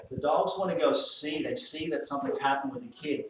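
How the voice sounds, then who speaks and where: A man with an Australian accent, working as a dog trainer, coaching an owner and gently giving commands to a timid dog. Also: on the high side, fairly quick, few pauses. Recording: very echoey, from a distance, faint noise.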